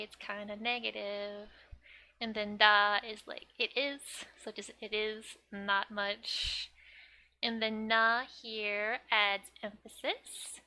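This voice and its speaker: A woman walks through a comic page in a relaxed, unhurried lesson, her voice a little high and bright. She talks in a chatty way, fills gaps with "like," and laughs often. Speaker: Japanese teacher. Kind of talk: casual manga lesson.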